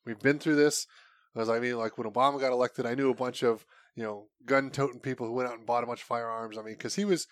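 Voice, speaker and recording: Fast-talking opinionated man. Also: mid-range voice, steady tone, no echo. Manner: opinionated, brisk, laughs along. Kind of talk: casual podcast chat.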